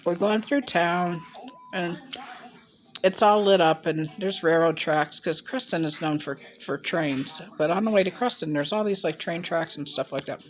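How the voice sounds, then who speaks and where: A mukbang vlogger, a woman in her sixties from Ohio, films herself on a handheld phone, telling a rambling personal story to camera with chatty asides as she eats. Her voice is lowish and her pace moderate.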